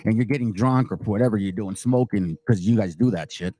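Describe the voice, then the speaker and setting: A man's voice: fairly low pitch, brisk, mellow, no room sound. A man giving casual reaction commentary, blunt and mocking, swearing freely. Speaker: online commentator.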